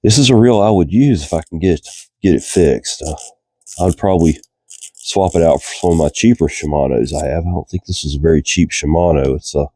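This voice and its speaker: A reel repair channel host with a Virginian accent chats casually while fixing a fishing reel in a cold garage, his voice stuffed up from a cold. Relaxed and chatty, he thinks aloud with fillers, speaking a little fast in a very deep voice with a breathy edge, in a dry, studio-quality recording.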